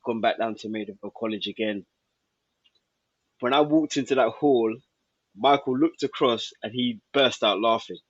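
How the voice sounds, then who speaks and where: A man's voice: medium pitch, moderate pace, breathy edge, no room sound, dull audio. A man, a podcast guest telling a story and acting out old conversations.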